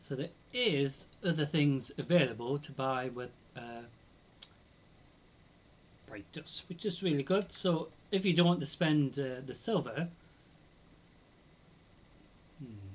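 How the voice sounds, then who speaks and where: A man's voice: mid-range voice, unhurried, husky. Hesitant British man streaming a game. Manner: musing, hesitant, lots of hums and ums. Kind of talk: casual live game commentary.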